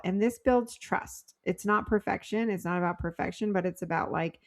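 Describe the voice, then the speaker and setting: Giggly gravel-voiced woman podcast co-host. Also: mid-range voice, normal speed, hardly any pauses. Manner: chatty and giggly, with loose filler-heavy phrasing. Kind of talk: casual conversational podcast chat.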